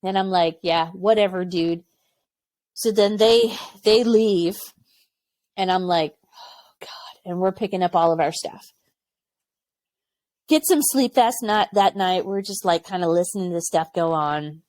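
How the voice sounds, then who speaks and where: A woman's voice: medium pitch, unhurried, no echo. Candid woman telling war stories, dry sound. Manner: candid, lively storytelling with quoted voices and laughter. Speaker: podcast guest, former Army aviation medic. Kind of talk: casual storytelling interview.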